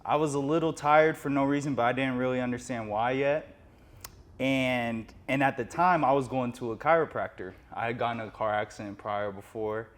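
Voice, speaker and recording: A man hosts a podcast interview, speaking in a relaxed, conversational manner. His voice is mid-pitched for a man and easy-going. He tells his own story casually. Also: brisk. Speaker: podcast host.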